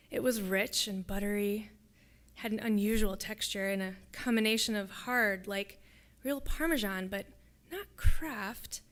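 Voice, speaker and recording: A woman, a graduate student, reading her own fiction aloud at a public reading in a lecture hall, in a steady descriptive way. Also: mid-range voice.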